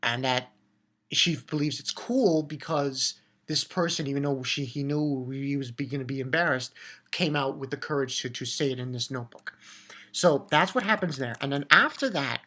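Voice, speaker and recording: Woman with a low voice, a loose and excitable recap host who swears and restarts her sentences. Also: moderate pace. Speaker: anime reviewer. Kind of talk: casual episode recap.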